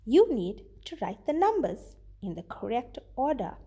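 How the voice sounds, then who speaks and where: A woman teacher reading a children's story aloud with expressive delivery, then giving her students a worksheet task. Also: a little high, a little slow, breathy edge.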